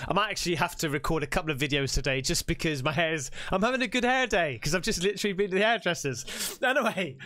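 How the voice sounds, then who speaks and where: Male reaction host; chatty and excitable, pitch bouncing all over. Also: fast, dry recording. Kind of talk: casual chat.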